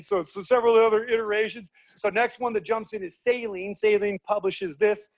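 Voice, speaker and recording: A man from the United States gives a lively seminar talk to a group. His voice sits high, and he keeps asking the room questions. He jumps into quick impressions of the people in his story. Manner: animated, acts out quoted voices, asks the audience questions. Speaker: speaker teaching leadership.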